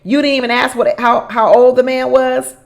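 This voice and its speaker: A woman with a fairly high voice recaps a reality show in a loose, casual way. She says her favourite lines twice for emphasis and breaks into laughter often. She talks straight to the people on the show as if they could hear her. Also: moderate pace, gravelly. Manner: animated, repeats phrases for emphasis, laughs often. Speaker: reality show commentator and relationship coach.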